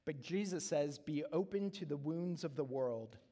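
A man's voice: fairly high pitch, expressive, moderate pace, dark tone. A middle-aged man preaching a sermon as pastor, earnest and conversational, repeating key phrases for emphasis. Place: church sanctuary. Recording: long reverb of a church hall.

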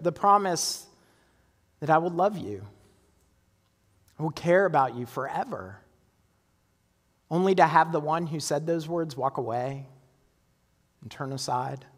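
A male pastor with a slightly high, fairly bright voice preaches a sermon in a big-room sound. He speaks conversationally and often checks in with listeners, asking for their agreement.

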